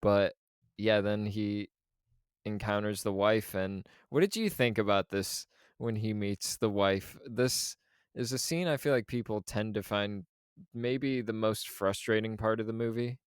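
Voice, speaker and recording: Male podcast co-host, relaxed and rambling, lowish smooth voice, dry close mic. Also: measured pace, no echo. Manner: laid-back, rambling with restarts and laughs. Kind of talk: casual film discussion.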